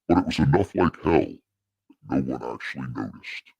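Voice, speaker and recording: A gravelly demonic voice. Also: male voice, very deep voice, animated, moderate pace, a little mellow, no echo, highs cut off, exaggerated voice. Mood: joking. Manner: growling threats mixed with jokes. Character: demonic deep-voiced man, menacing and crude. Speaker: channel host.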